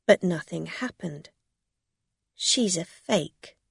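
Dorothy, una donna che fa una donna decisa e astuta. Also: female voice, on the low side, lively intonation, slow pace, gravelly, breathy edge, no room sound, studio quality, heavily acted. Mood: firm. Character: shrewd determined woman who confronts a swindler.

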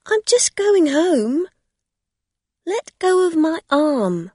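A woman voicing a young swindler who is defensive, protesting in a high, tense voice. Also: big pitch swings, takes it slowly, a little mellow, husky, no echo, studio quality, heavily acted.

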